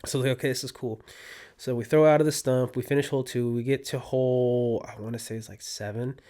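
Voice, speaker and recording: Young man telling a lively story. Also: mid-range voice, brisk. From California. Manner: animated, laughing storyteller who acts out his own quotes. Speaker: podcast guest, disc golfer. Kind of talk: casual storytelling.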